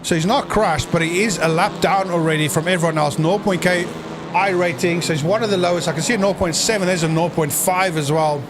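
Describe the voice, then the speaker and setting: A man giving jokey, excitable live commentary on a sim race, breaking into shouts at crashes. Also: sits high, a little fast, background noise.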